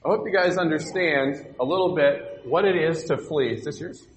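In an echoey church hall with a long reverb, a man teaches children an interactive Bible lesson, upbeat and coaxing as he guides them with questions. His voice is on the high side and his pace is normal. A faint hiss or hum is audible in the recording.

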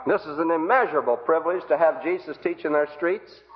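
A man's voice on the high side comes through a tinny, phone-like old recording as he preaches fairly quickly. In this evangelistic sermon he earnestly pleads with the congregation, leaning on rhetorical questions.

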